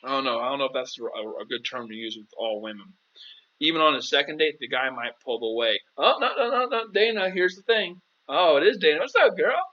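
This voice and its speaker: A man's voice: mid-range voice, animated, fairly quick, sharp tone, lo-fi sound. A man hosting a casual live-stream Q&A as a dating coach, chatty and playful, calling viewers "girl".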